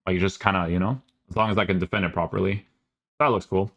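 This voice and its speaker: A man's voice: low voice, fairly even intonation, fast, fairly bright tone, lo-fi sound. A man reading game update notes aloud and reacting to them in a casual, sarcastic way. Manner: casual, sarcastic asides, many fillers. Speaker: gaming YouTuber.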